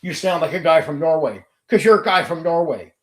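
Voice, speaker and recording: Speaking a little fast in a reverberant space, the middle-aged host has a slightly high, expressive voice. His casual livestream is a rant, delivered bluntly and laced with heavy profanity.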